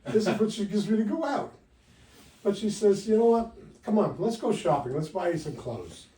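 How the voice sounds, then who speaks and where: A man in his sixties doing a stand-up comedy set with wry, punchy delivery, jumping louder for quoted lines. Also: high-pitched, very animated, moderate pace. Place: comedy club stage. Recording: roomy live sound from a distance.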